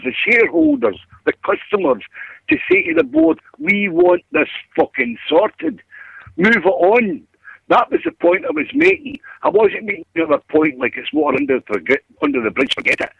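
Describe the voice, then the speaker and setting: Gravelly, husky man ranting on a phone line. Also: very high voice, a bit bright, no echo. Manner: angry, ranting, swears. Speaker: caller. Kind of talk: heated phone-in rant. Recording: dull dry phone line.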